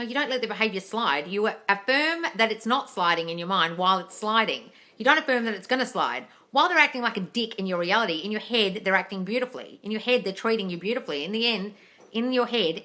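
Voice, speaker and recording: A bright, forceful woman talks straight into her phone on a live stream, reading out viewers' comments and answering them herself. She is blunt and sweary, scolds people freely, and calls everyone darling. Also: mid-range voice. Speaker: manifesting coach answering live chat questions.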